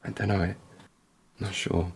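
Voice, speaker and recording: Brief: man, low gravelly voice, rambling self-deprecating stream chat. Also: little pitch movement, normal speed. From Essex, England. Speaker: livestream co-host. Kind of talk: casual chat while painting.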